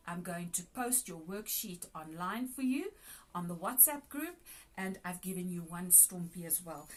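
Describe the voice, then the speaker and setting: A woman teacher giving a recorded lesson to young pupils, explaining grammar rules patiently and repeating them. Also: mid-range voice. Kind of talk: recorded grade 4 language lesson.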